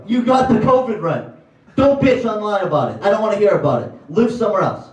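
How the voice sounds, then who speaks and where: Heard from far off in an echoey comedy club, a young stand-up comic from Connecticut rants profanely through his set. His voice is high and expressive, and he talks fast.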